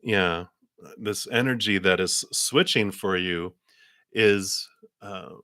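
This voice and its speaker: A man's voice: low voice, slow, pushed and bright, dry recording, clean studio sound. A man giving a live tarot reading, talking in a rambling, meandering way full of fillers. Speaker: tarot reader.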